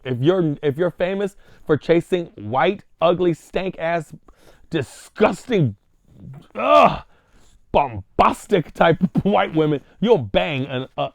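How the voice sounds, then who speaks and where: Blunt, crude ranting man. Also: dry recording. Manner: animated, with sudden pitch jumps. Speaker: vlog host. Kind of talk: ranting opinion monologue.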